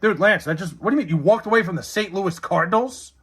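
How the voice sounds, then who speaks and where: A man's voice: high voice, very fast, a bit bright, slightly rough. A man casually chatting on a live stream, reading chat messages and answering with profane, sarcastic banter.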